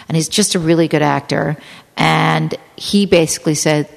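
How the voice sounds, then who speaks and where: A woman's voice: deep voice, steady tone, moderate pace, vocal fry, long reverb tail. A woman guest on a podcast, an actress, telling candid, profane, self-deprecating stories with many fillers.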